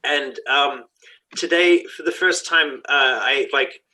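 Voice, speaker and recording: A man shares a bit of news on a live chat, hesitant and halting. His voice is bright and forceful, at a middle pitch. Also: poor audio. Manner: hesitant, with many fillers. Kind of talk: casual chat.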